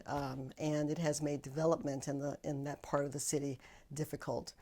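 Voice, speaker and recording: A woman answering interview questions as an expert, speaking carefully and deliberately, pausing to rephrase. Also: sits low, little pitch movement, dark tone. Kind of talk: measured academic explanation.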